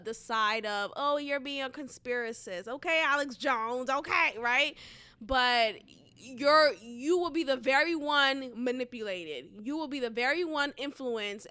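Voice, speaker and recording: Woman, podcast host, from Boston, chatty solo monologue, rambling asides, crisp bright tone. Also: fairly high pitch. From Boston, USA. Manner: casual, chatty, with frequent asides and fillers.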